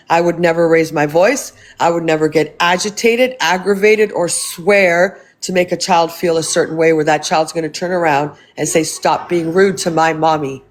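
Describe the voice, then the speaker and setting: A woman's voice: lowish voice, darkish tone. Woman livestream host, angry rant, blunt, lots of swearing, repeats herself, phone mic.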